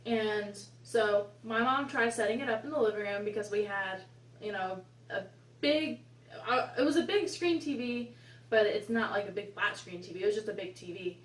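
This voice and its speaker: A woman's voice: mid-range voice, normal speed. Chatty young woman in an echoey room. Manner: chatty, rambling, exasperated asides. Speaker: vlogger. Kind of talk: casual storytime. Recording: echoey room, mic at a distance.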